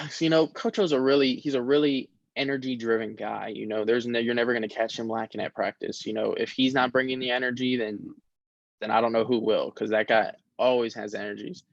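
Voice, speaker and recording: A young man, a college football player, talking casually in an interview, relaxed and rambling with many fillers. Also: medium pitch, a little fast, creaky, dry recording. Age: young adult. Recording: dull lo-fi sound.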